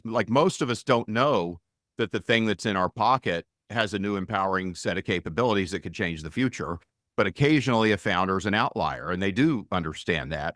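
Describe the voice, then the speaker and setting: A middle-aged man, a venture investor and author, explaining his ideas in an energetic, conversational interview. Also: deep voice, no echo, studio quality. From United States. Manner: energetic, conversational, frequent restarts.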